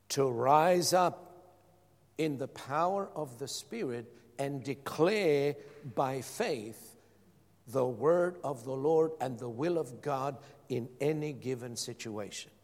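A man's voice: medium pitch, darkish tone, in a large hall. A middle-aged man preaching a sermon as pastor, firing rhetorical questions and repeating phrases for emphasis.

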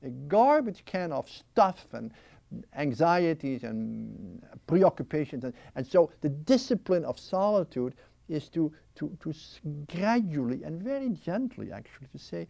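Expressive male interview guest: slightly high, gravelly, mellow tone, reflective and animated. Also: measured pace, no room sound. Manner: animated and expressive, with many restarts. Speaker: interview guest, spiritual writer. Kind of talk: reflective interview talk on prayer. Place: at his home. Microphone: filmed interview mic.

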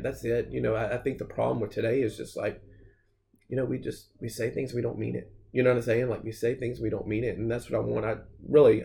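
A man with a gravelly, mid-pitched voice talks through his stories as a podcast guest. He rambles in a casual, animated way, leaning on fillers like "man" and "you know". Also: a little hiss or hum. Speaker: gym founder, podcast guest. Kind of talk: casual interview storytelling.

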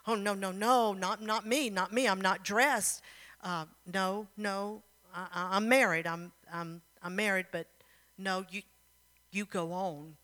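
A woman's voice: mid-range voice, fairly even intonation, big-room sound, natural voice. A woman preacher voicing an ashamed, humbled princess. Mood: flustered. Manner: hushed, halting, self-deprecating.

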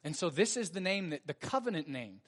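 A male pastor delivering a sermon with a slightly high voice. He preaches earnestly and stresses his points, stretching key words slowly. A long reverb from the church hall trails after each phrase. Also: very animated. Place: church sanctuary.

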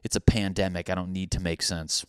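Low-voiced, rambling, profane young man. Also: flat delivery, brisk, darkish tone, smooth, no echo, studio quality. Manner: rambling, profane, self-mocking. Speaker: podcast host. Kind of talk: casual comedic rant.

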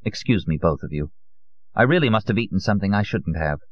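A man's voice: sits low, animated, quick pace, highs cut off. A man voicing an ashamed, bitter young woman in an audiobook reading, speaking with anguish. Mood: weary.

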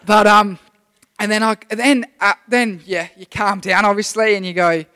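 A man's voice: high-pitched, fairly even intonation, moderate pace, pushed and bright, smooth. A young man giving a casual, rambling sermon, full of restarts, to a church group. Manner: chatty, rambling, with many restarts. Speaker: youth preacher. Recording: long hall reverb.

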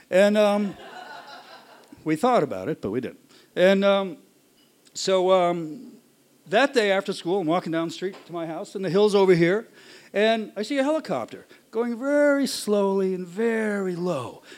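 Brief: high-pitched male storyteller, lively live delivery with acted-out yelps and voices. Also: normal speed. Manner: animated, acts out shouts and voices.

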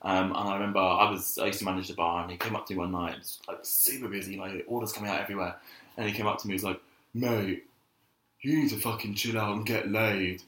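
A man's voice: sits low, fairly even intonation, rapid-fire, pushed and bright. A man co-hosting a casual comedic chat, chatty and playful, giggling often. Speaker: co-host. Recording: echoey room.

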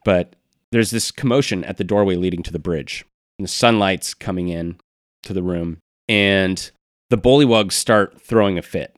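Casual male game master, low voice, dry close mic, easygoing narration. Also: moderate pace, no room sound. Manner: casual, laughing, many fillers.

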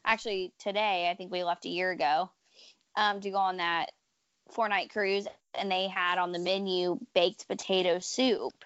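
A woman's voice: lowish voice, little pitch movement, normal speed, fairly bright tone, clean tone, no room sound. A woman from the American Midwest chatting casually as a podcast co-host, full of fillers. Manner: chatty, uses many fillers like "you know" and "like". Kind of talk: casual chat. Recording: dull, slightly lo-fi dry sound.

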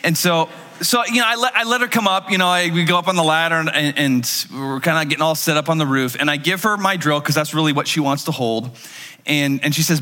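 Mężczyzna, pastor wygłaszający kazanie w żywym, gawędziarskim stylu, nagrany z długim pogłosem dużej sali. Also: male voice, on the high side, fairly quick, long reverb tail. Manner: lively conversational storytelling with acted-out quotes. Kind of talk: sermon.

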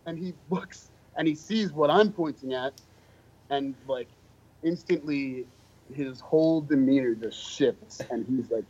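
With a measured pace and a darkish, mid-range voice that has a breathy edge, this podcast guest shares self-deprecating anecdotes from his drumming years in a casual storytelling style. The recording comes across as dull, lo-fi podcast audio.

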